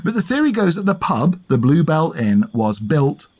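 Brief: playful podcast storyteller, man, with a lively, swooping delivery and a faint husk. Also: fairly high pitch, moderate pace. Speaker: podcast co-host. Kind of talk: storytelling history chat.

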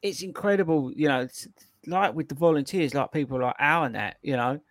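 A man hosting a running podcast, telling stories in an excitable, animated way. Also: on the high side, a little fast, no room sound, studio quality. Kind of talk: casual chat.

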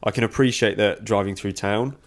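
Low-voiced man, dry humor. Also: brisk. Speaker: podcast co-host. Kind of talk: casual podcast chat.

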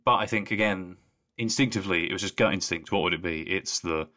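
A man co-hosting a podcast in casual chat, relaxed and a bit hesitant, laughing easily. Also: sits low, fairly quick. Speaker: podcast co-host.

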